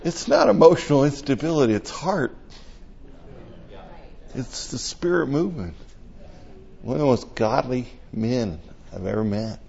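Older male preacher, chatty and emotional storyteller, mid-pitched, muffled lo-fi recording. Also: animated, unhurried, vocal fry, long pauses, warm tone, husky. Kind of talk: conversational sermon.

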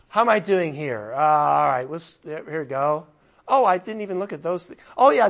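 Male pastor teaching a sermon, high-pitched with a gravelly edge, emphatic and emotional, chatty asides to the room. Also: a bit bright. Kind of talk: expository sermon.

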